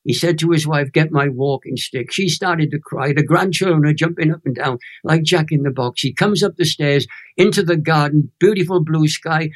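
A Welshman in his eighties telling a personal testimony as an interview guest, lively and emphatic, building to emotional high points. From Wales. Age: 80s. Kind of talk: animated storytelling testimony.

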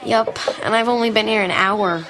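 A woman's voice: mid-range voice, normal speed, a bit bright, a little hiss or hum, natural voice. An actress playing a good-natured, slightly clumsy teenage girl who talks sheepishly. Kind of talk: radio drama acting.

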